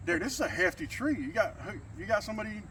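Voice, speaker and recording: A man playing an excitable neighbor in a comic ad skit, animated and quick, recorded outdoors from a distance. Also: high-pitched. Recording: distant outdoor mic with faint noise.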